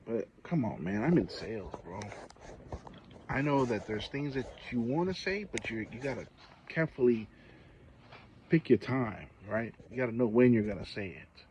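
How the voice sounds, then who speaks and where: A man's voice: mid-range voice, animated, normal speed, a little mellow, muffled recording, a little hiss or hum. A man, a parent, talking to his viewers in a casual vlog monologue, telling a story with exasperated, indignant emphasis. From Samoa. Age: adult parent. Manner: frequent fillers and restarts, conversational. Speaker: channel host.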